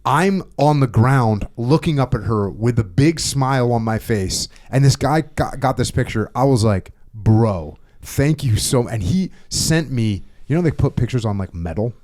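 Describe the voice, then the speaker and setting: A man's voice: mid-range voice, animated, moderate pace, few pauses, a little mellow. A man hosting a podcast who talks casually and bluntly, with emphatic phrases and some swearing. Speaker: podcast host. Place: podcast studio.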